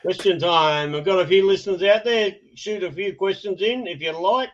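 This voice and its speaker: A man hosting a podcast, talking in a fairly high voice and rambling with lots of laughs and restarts. The audio is dull and lo-fi. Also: moderate pace. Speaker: podcast host. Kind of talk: casual podcast chat.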